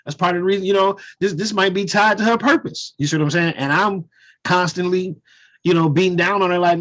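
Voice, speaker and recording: A man's voice: sits high, a little fast, a bit bright. A man in a casual group conversation, talking reflectively and peppering his speech with "you know" and "man". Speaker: discussion participant.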